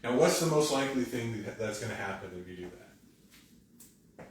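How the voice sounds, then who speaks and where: A man's voice: mid-range voice, moderate pace, far from the mic. A man preaching a conversational sermon as a pastor, often acting out the quoted lines of other people. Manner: conversational, animated, acts out quoted dialogue. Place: church sanctuary. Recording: echoey church hall, speaker away from mic.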